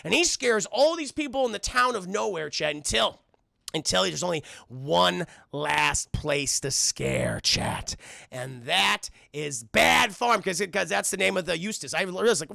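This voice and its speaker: A man's voice: sits high, big pitch swings, a little slow, gravelly, bright, forceful tone, no room sound, studio quality. A man streaming a casual cartoon recap, swearing freely and talking to his chat. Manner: profane, keeps addressing chat.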